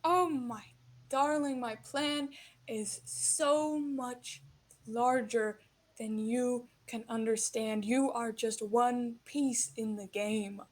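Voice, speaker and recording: A woman's voice: a little high, steady tone, slow pace. A woman voicing a condescending middle-aged male villain in a tabletop game, who calls others darling. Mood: smug.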